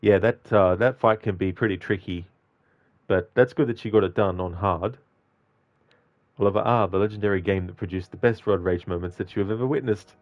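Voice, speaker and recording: A man's voice: on the low side, a little fast, lo-fi sound. A man chatting casually on a game live stream, reading out and answering viewers by name.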